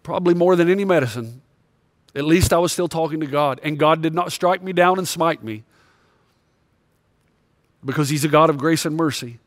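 A male pastor preaching a sermon, telling a personal story in a confessional way, swinging between loud emphasis and quiet moments. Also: on the high side, normal speed, long pauses, no echo.

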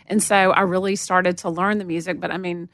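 A woman in her forties with a Southern US accent, telling lively stories as an interview guest. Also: brisk, dry recording, studio quality. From Montgomery, Alabama. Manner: animated storyteller, acts out quotes in a higher voice. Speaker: guest, music promotion veteran. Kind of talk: casual storytelling interview.

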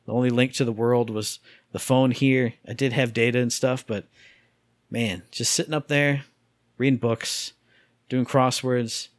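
Animated, jokey man telling stories. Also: mid-range voice, unhurried, dry recording, clean studio sound. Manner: animated storyteller, jokey, acts out sounds. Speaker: podcast co-host. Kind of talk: casual chat.

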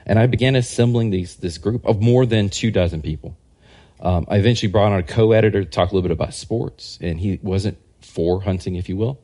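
A man, a historian and scholar, giving a casual podcast interview and telling rambling, animated anecdotes. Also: on the low side, fairly quick. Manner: rambling, animated anecdotes that act out quoted people. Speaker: guest historian and religious scholar.

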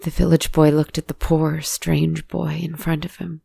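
A woman narrating a story in a soft, deliberate way. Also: low-pitched, level tone, vocal fry, breathy edge, no room sound.

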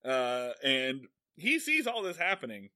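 A man in casual podcast chat, recapping a TV episode with animated, sarcastic jokes. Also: medium pitch, a little slow, no echo, clean studio sound. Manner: animated, joking, sarcastic asides. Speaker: podcast co-host.

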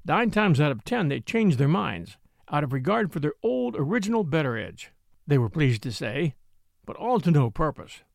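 A man reading a classic novel aloud in a wry, expressive storytelling manner, close to the mic. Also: a little high, normal speed, gravelly, dry recording. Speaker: audiobook narrator.

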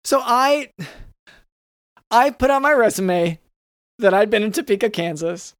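A man's voice: sits high, lively intonation, a little slow, a bit bright, clear, resonant tone, dry recording, full character voice. A man improvising a bumbling rural doctor who hesitates, stammers and gets confused in a comedy sketch. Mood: flustered. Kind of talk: improvised comedy role-play.

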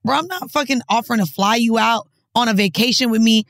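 A woman's voice: on the high side, fast talker, fairly bright tone, no room sound, clean studio sound. A woman from New York co-hosting a podcast, talking in a blunt, profane, emphatic way. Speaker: podcast co-host. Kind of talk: casual chat.

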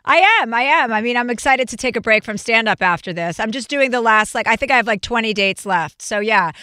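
Woman, podcast host, blunt and profane, fairly high voice, bright tone, dry close mic. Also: clean tone, no echo. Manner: blunt, profane, fast-talking. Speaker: podcast host and stand-up comic. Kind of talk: casual podcast chat.

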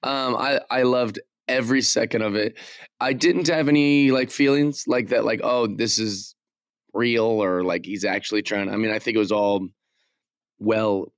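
A man co-hosting a podcast, talking with enthusiasm and laughing often, sometimes halting over his words. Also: fairly low pitch, fairly even intonation, no echo, studio quality. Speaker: podcast co-host. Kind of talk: casual wrestling chat.

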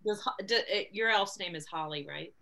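A woman's voice: fairly low pitch, fairly quick, creaky, sharp tone. A woman co-hosting a casual chat, frank and joking, who asks follow-up questions. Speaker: co-host.

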